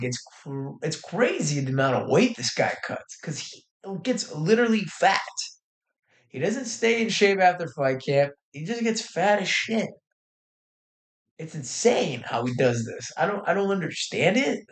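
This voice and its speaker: Brash slangy man on a fight stream. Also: a little high. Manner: brash, swearing, slangy trash talk. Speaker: livestream host. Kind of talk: casual fight commentary livestream.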